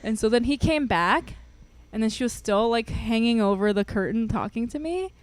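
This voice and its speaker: A young woman co-hosting a podcast, telling a story in an animated, laugh-filled way with lots of fillers. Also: a little high, moderate pace, dry recording. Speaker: podcast co-host. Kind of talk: casual chat, storytelling.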